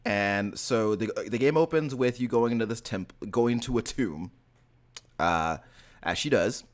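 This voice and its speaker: A man's voice: mid-range voice, a little slow. A man hosting a gaming podcast, chatting casually and rambling with many fillers and restarts. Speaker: podcast host. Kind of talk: casual chat.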